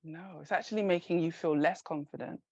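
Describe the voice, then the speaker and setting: A woman's voice: fairly low pitch, brisk, mellow, slightly rough, no echo, dull audio. A woman in her forties, a career and confidence coach, giving candid, encouraging advice as a guest in a podcast interview. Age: 40s. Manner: candid, encouraging, laughs easily.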